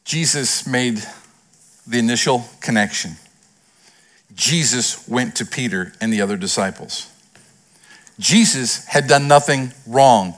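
A man, a pastor, preaching a sermon, swinging between raised, emphatic lines and hushed retellings. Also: mid-range voice, measured pace, pauses often.

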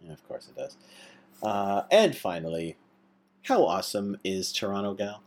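A man co-hosting a podcast, asking questions in a relaxed, teasing way. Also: lowish voice, moderate pace. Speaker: podcast co-host. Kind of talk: casual chat.

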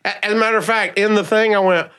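A comedian from Alabama with a Southern accent tells stories on a podcast. His voice sits a little high for a man. He talks in a loose, lively way and laughs often as he acts out what others said. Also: fast, smooth. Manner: animated, laughing through stories, acting out others' lines. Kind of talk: casual storytelling.

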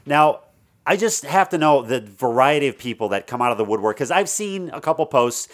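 A podcast host asking curious questions in casual chat. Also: male voice, mid-range voice, expressive, a little fast.

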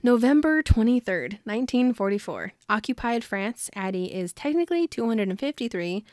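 A woman co-hosting a casual book discussion, retelling the plot with lots of laughter and quick quoted voices for the characters. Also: on the high side, no echo, clean studio sound. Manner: animated storytelling, quotes characters in put-on voices, laughs often. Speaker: podcast co-host.

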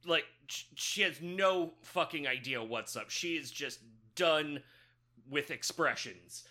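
A woman's voice: sits low, slow pace, bright, forceful tone. A woman co-hosting a podcast, recapping a film in casual, profane, joking chat and laughing often. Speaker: podcast co-host.

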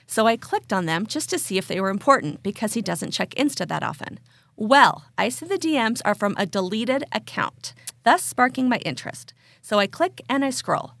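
A woman co-hosting a casual podcast, reading a story aloud with animated delivery and frequent laughter. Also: mid-range voice, creaky, no room sound. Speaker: podcast co-host.

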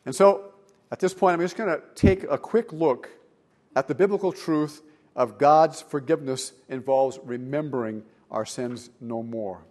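A man preaching a sermon in church as pastor, animated, swinging between loud emphasis and quiet asides. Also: medium pitch, unhurried.

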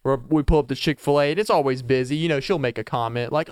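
A man's voice: on the high side, quick pace, few pauses, smooth, dry recording, studio quality. Playful rambling male podcast host. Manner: rambling, playful, chuckles a lot. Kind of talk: casual solo podcast chat.

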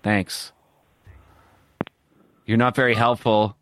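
A man's voice: fairly low pitch, little pitch movement, slow pace, a little hiss or hum. A man hosting a podcast, joking around and making prank phone calls with mock urgency. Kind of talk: casual prank-call banter.

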